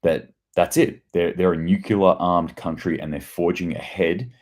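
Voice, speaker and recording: A deep-voiced man hosts a casual daily news livestream. He reads headlines and viewer comments, then slides into profane, sarcastic rants. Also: steady tone, normal speed, a little mellow. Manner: profane, ranting, sarcastic asides.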